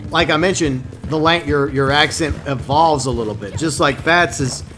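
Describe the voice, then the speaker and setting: Over faint background music, a gaming streamer with a fairly bright, higher-pitched male voice chats casually at a normal pace, wandering through his thoughts and often breaking off to begin again.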